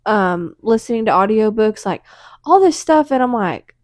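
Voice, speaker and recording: A woman co-hosting a casual chat podcast, relaxed and supportive, with frequent backchannel replies. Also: mid-range voice, normal speed, dry recording, studio quality. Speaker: podcast co-host.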